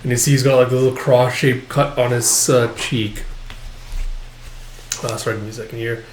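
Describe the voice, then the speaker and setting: A man's voice: mid-range voice, steady tone, moderate pace, a little hiss or hum. A man casually reading through a comic chapter, rambling and using lots of filler words. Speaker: manga chapter reviewer. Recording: echoey room.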